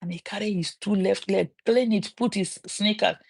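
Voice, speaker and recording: A middle-aged woman with a Nigerian accent, telling a story on a livestream and turning it into a sermon, with animated quoted voices and preachy asides. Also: mid-range voice, normal speed, gravelly, husky. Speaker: livestream host.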